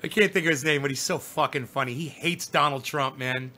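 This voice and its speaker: Reading viewer comments aloud on a casual livestream, a middle-aged man lectures his chat in a rambling, profane way. His voice is medium-pitched and bright, his tone forceful, his pace a little fast.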